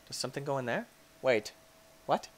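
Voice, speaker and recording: Reviewing a game mod in let's-play style, a man comments excitedly, teasing and talking to game objects and letting out abrupt comic yells. His voice is mid-range at a normal speed, with slight background noise.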